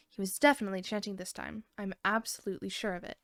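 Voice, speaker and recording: A woman's voice: medium pitch, steady tone, fast, fairly bright tone, dry recording, clean studio sound. A young woman co-hosting a podcast, reading a scary online story aloud, giggling and restarting lines as she goes.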